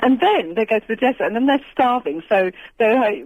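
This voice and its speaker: A woman rings in to a radio phone-in and tells her story in a meandering, halting way, full of ums and little laughs. Her voice is a bit husky and comes through a thin, tinny phone line. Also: fairly high pitch, expressive, dry recording. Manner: rambling, hesitant, laughing often. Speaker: caller. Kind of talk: phone-in chat.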